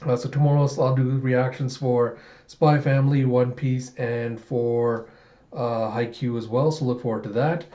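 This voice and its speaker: A man's voice: medium pitch, fairly even intonation, unhurried, dark tone. A young man hosting a casual reaction video, chuckling often and filling with uhs. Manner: chuckling, many fillers. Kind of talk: casual chat. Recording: slightly muffled lo-fi audio.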